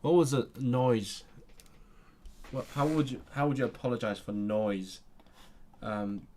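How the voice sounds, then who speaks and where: Slow, hesitant man thinking aloud. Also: medium pitch, a little mellow. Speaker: language learner streamer. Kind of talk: livestream self-study.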